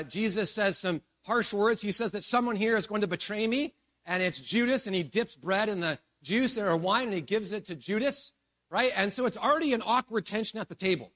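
A male pastor preaching with lively, animated storytelling. His voice sits fairly high for a man and swings from emphatic bursts to quiet, hushed moments. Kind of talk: sermon.

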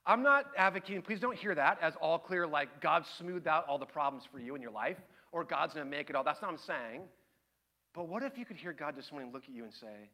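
A middle-aged man preaching a sermon, telling a family story with lively acted-out voices before turning quiet and earnest. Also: high-pitched, fast talker. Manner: animated storytelling, acting out his kids and himself. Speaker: pastor.

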